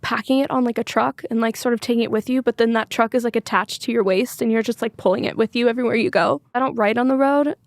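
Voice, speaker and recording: A woman with a fairly high voice talks candidly as an interview guest. She rambles openly and leans on filler words. The sound is close and dry, with no room echo. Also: steady tone, quick pace, few pauses. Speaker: singer-songwriter guest.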